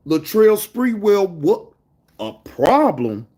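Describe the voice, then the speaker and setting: A livestream host with a fairly high voice talks directly to his chat at a slightly slow pace. He is animated and full of slang, calling out viewers by name between his stories.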